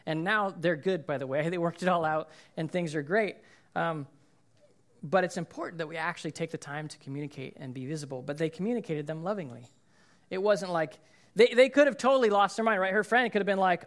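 Guy pastor preaching real casual, keeps asking "right?", voice a bit on the high side, acts out people's lines. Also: fairly quick. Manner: casual, checks in with listeners. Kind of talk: conversational sermon.

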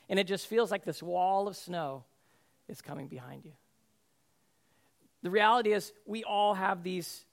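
A young adult man preaching, telling a vivid personal story with many fillers and restarts and acting out what was said. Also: sits high. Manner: vivid storytelling, acts out shouted quotes, frequent fillers and restarts.

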